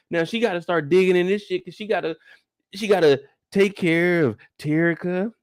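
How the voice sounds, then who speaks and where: High-voiced man riffing on a live show. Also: dry recording, clean studio sound. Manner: loose, profane, storytelling riffs. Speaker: show host. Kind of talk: live after-show commentary.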